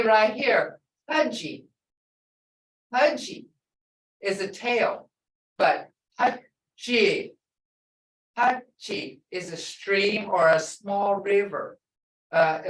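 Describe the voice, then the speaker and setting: A middle-aged woman teaching a language class, patiently repeating words slowly so the tones can be heard. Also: fairly high pitch, fairly bright tone, far from the mic. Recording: echoey room, voice off-mic.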